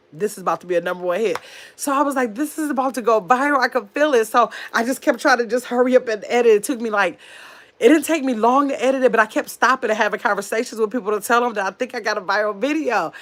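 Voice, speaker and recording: A woman chatting casually on her livestream, telling stories and reading viewer comments aloud. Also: medium pitch. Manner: chatty, animated storyteller, reads comments aloud. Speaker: livestream host.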